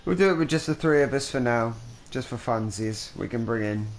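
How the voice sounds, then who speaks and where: A man's voice: medium pitch, expressive, fairly quick, a little hiss or hum. Upbeat guy streaming games. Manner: upbeat, friendly, says mate. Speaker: streamer hosting a charity gaming marathon. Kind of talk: casual chat over voice call.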